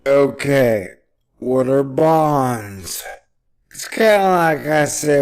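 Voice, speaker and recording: A man giving rambling, playful solo commentary on economics, with drawn-out phrasing and sudden excited outbursts. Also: mid-range voice, vocal fry, clean tone.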